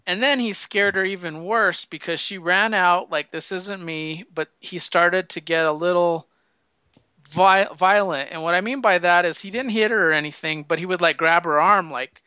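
A man chatting casually about a film, telling the story in an animated way and acting out the lines. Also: high voice, normal speed, smooth, no room sound. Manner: animated storyteller, acts out quotes. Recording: dull lo-fi sound.

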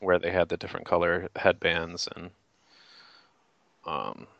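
A man's voice: low voice, measured pace, gravelly, a bit bright, no room sound, highs cut off. A man co-hosting a podcast in casual chat, rambling a little as he recalls things. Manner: rambling, restarts while recalling. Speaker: podcast co-host.

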